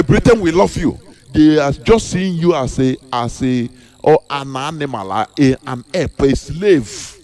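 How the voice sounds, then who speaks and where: High-voiced preachy Nigerian man. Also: a little mellow. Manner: preachy, repeats rhetorical questions, emphatic. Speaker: activist speaker. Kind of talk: impassioned monologue.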